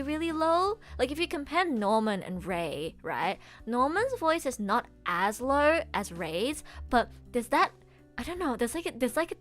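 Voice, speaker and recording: Giddy young woman gushing on stream. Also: fairly high pitch. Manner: gushing, excitable fan talk with frequent giggling. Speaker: voice actress streamer. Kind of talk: casual live-stream chat. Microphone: laptop streaming setup.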